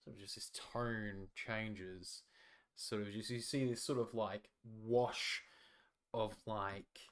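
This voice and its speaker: A man's voice: fairly low pitch, steady tone, slow pace. A man narrating a tabletop game as game master, talking loosely with many fillers. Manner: hesitant, loose, lots of fillers.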